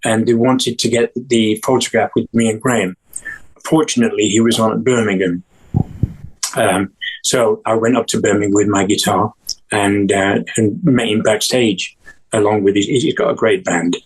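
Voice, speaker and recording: An older man from England tells a long story in a rambling, chatty way, stopping and restarting and acting out what people said. His voice sits a little low and has a husky edge. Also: steady tone, normal speed, low-quality recording. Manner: rambling, with many restarts and acted-out quotes. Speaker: guest musician. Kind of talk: casual storytelling interview.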